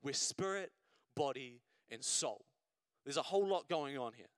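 A man's voice: medium pitch, animated, normal speed, dry recording, studio quality. A man preaching a sermon at a church service in a conversational way, often checking in with the congregation and building to emphatic repetition.

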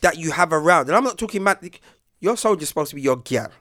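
Expressive man, laughing. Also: a little high, fast talker. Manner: earnest, laughs often. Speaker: podcast guest. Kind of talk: casual banter.

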